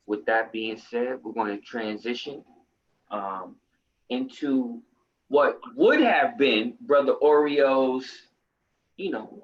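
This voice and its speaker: A man hosting a casual talk show, unhurried and relaxed as he hands over to his co-host. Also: medium pitch. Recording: muffled lo-fi audio.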